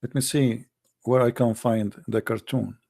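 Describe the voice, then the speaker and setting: A man's voice: medium pitch, steady tone, measured pace, vocal fry, dark tone. Combative male host. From Middle East. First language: Arabic. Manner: combative, mocking, blunt insults. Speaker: live-stream host. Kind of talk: heated live-stream debate.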